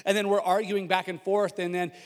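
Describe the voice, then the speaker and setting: Brief: middle-aged male pastor, lively storytelling sermon, fairly high voice, big reverberant church hall. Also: brisk. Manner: storytelling, animated, acts out quotes. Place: church sanctuary. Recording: long reverb of a large hall.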